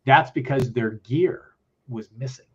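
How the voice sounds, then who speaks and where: A man's voice: mid-range voice, measured pace, husky, dull audio. A man telling a story as a podcast guest, swearing often and acting out what people said. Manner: profane, animated, acts out quotes. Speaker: podcast guest, festival organizer. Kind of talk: casual storytelling.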